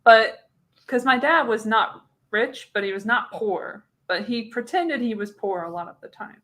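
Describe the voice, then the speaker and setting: A woman's voice: fairly high pitch, expressive, unhurried, fairly bright tone. A woman in her thirties co-hosting a casual talk show. She rambles from one memory to the next, laughs often and swears freely as she talks. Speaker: co-host. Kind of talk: casual chat.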